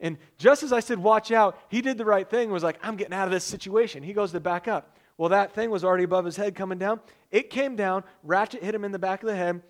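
A high-voiced man preaching a sermon, weaving a personal story into the message. He tells it in an animated, storytelling way, with loud bursts when he gets excited. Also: fast talker, few pauses. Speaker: pastor.

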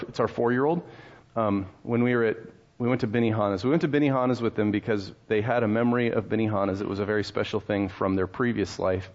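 A man's voice: mid-range voice, lo-fi sound. A male pastor in his thirties preaching a sermon in a conversational, storytelling way, with rhetorical questions and laughs.

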